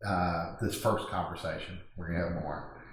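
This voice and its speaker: A man hosting an interview and summing it up in a slow, hesitant way. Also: low-pitched, fairly even intonation, heavy reverb, low-quality recording. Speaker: host. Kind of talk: interview wrap-up.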